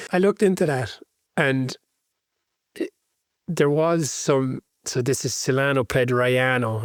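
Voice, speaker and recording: A man's voice: a little high, no echo, clean studio sound. Amused man co-hosting a podcast. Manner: animated, amused storytelling. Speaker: podcast co-host. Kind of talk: casual chat.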